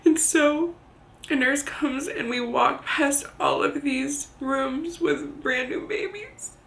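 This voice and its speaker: A young woman vlogging, telling a personal story to the camera in a candid, halting way, swearing now and then and close to tears. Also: high-pitched, creaky, fairly bright tone, a little hiss or hum. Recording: roomy echo.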